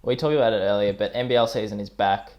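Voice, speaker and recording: Lowish-voiced, chatty man. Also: steady tone, fast talker, darkish tone, lo-fi sound. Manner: chatty, laughs often, teasing. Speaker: podcast co-host. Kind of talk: casual chat.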